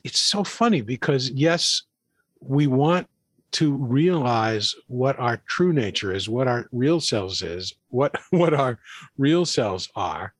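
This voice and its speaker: A man's voice: mid-range voice, dry recording. A man co-hosting a podcast over a video call, talking thoughtfully and earnestly, often restarting his phrases. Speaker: podcast co-host. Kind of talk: casual conversation.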